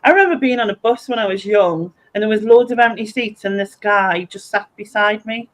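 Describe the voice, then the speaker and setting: A woman's voice: medium pitch, brisk, poor audio. A woman hosting a casual stream, giggling as she reads out viewer comments and chats. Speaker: host.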